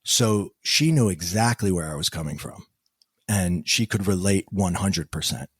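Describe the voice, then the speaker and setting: A middle-aged man, a podcast guest, telling a personal story in an animated way and acting out the quoted dialogue. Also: sits low, moderate pace, slightly rough, dry recording, clean studio sound. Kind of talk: storytelling interview answers.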